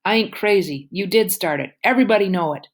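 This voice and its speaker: A woman's voice: medium pitch, quick pace, voice pushed up, lightly acted. A woman reading the lines of an upset older male shopkeeper insisting on the truth in a storybook. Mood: indignant. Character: indignant older shopkeeper man.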